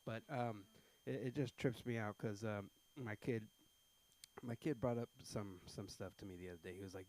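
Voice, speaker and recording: A man's voice: lowish voice, fairly even intonation, a little mellow. A man doing stand-up at an open mic, telling stories with lots of ums and uhs. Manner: halting, filler-heavy storytelling. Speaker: stand-up comedian. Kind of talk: stand-up comedy. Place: small comedy club stage.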